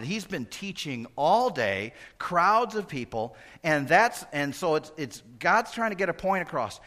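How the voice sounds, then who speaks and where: A middle-aged male pastor preaching a sermon, moving between loud exclamations and hushed asides. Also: fairly high pitch, sing-song, normal speed, few pauses.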